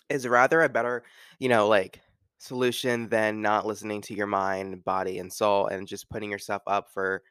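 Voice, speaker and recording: Guy just chatting solo, lots of likes and you knows, smooth clean voice, dry sound. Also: fairly low pitch, a bit bright, no room sound. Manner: rambling, filler-heavy with frequent "like". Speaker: podcast host. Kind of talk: casual solo talk.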